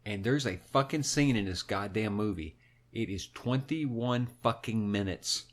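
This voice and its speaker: A man's voice: fairly low pitch, unhurried. A man swearing through a film retelling. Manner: animated, heavy swearing, recounts a film plot. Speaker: podcast co-host. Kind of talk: casual profane chat.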